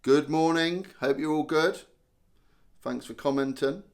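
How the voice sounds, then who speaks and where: A man's voice: on the high side, a little slow. A young man hosting a casual live stream, chatting and joking as he reads out viewer comments. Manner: chatty, self-mocking, reads viewer names aloud.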